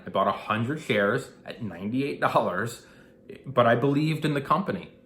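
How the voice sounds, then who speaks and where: A man in his thirties tells a personal investing story in a casual, animated way, slipping into the voices of the people in it. His pitch sits in an ordinary middle range for a man. The room gives his voice a clear echo. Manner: animated, acts out quoted dialogue. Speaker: investing vlogger. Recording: echoey room.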